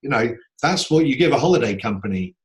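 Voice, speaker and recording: A man's voice: mid-range voice, animated, fast, poor audio. A man hosting a songwriting Q&A on a video call, explaining in an earnest, casual way with everyday examples. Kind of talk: casual coaching talk.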